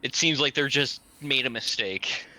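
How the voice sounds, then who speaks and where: A man's voice: medium pitch, normal speed, pushed and bright. A man playing a tabletop game, matter-of-factly describing what his character does and says. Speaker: player.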